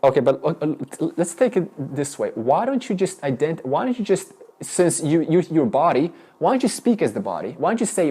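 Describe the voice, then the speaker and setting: A man's voice: on the high side, very animated, brisk, dark tone, husky. A man teaching a spiritual class, firing questions at students with frequent restarts. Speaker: Vedanta teacher. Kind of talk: interactive spiritual lesson.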